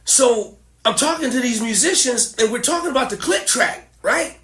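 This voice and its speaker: Middle-aged man, podcast host, high voice, animated storyteller, laughs a lot, roomy echo. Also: normal speed. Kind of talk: casual conversation.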